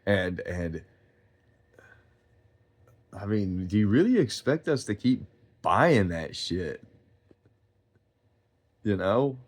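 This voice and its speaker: Profane, rambling low-voiced man. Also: very animated, slow, long pauses. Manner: profane, rambling storytelling, loud when reenacting quotes. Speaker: streamer. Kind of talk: casual rant.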